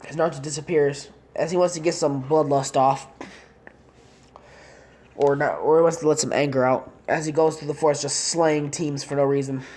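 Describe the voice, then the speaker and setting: A woman's voice: sits low, fairly even intonation, moderate pace, warm tone. A woman casually narrating a fan-made story in long, rambling run-on sentences.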